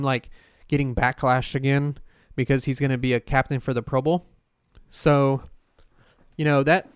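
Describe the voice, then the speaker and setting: A man's voice: medium pitch, smooth, dry recording, clean studio sound. A man hosting a casual solo podcast, rambling with lots of fillers, restarts and swearing. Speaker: podcast host.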